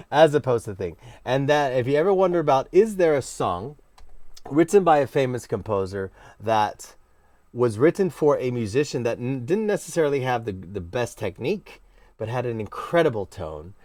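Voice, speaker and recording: A man teaching a casual cello lesson, talking in an animated, playfully emphatic way with sudden exclamations. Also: medium pitch, moderate pace, no room sound. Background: cello playing.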